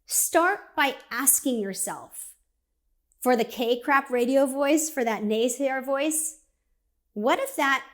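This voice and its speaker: A woman giving a conversational motivational talk, energetic and direct, acting out inner voices as she speaks. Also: on the high side. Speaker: speaker and coach.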